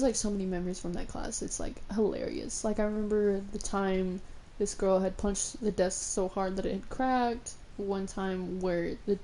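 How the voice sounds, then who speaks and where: A woman's voice: medium pitch, mellow, slight background noise. A young woman streamer telling stories casually, rambling with lots of fillers, swearing freely and laughing often. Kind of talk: casual storytelling while gaming.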